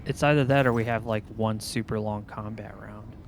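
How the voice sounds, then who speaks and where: A man's voice: on the low side, fairly even intonation, moderate pace, a little hiss or hum. A man playing a game with friends, talking hesitantly and joking often. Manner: hesitant, laughs easily. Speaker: game streamer. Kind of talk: casual co-op game chat.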